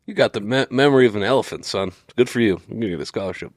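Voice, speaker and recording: A man tossing quick wisecracks during an improvised comedy bit. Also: lowish voice, no echo, clean studio sound. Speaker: podcast comedian.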